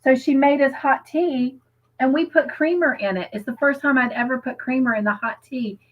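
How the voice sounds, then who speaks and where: A woman's voice: high voice, moderate pace, phone-quality sound. A woman co-hosting a crafting livestream, chatting casually and reading viewer comments aloud, with frequent giggles. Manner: chatty and giggly, lingers on stories.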